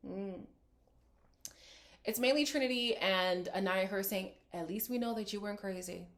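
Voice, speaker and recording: A woman's voice: mid-range voice, moderate pace, fairly bright tone. A woman hosting a reality TV recap, talking casually and frankly and acting out what the cast said. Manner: candid, frank, acts out quoted lines. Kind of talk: casual reaction commentary.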